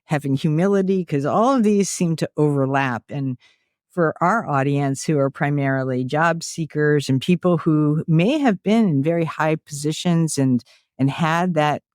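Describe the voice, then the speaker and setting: A podcast host asking thoughtful, measured questions of a guest. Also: medium pitch, a little mellow, no room sound, studio quality. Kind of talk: interview questions.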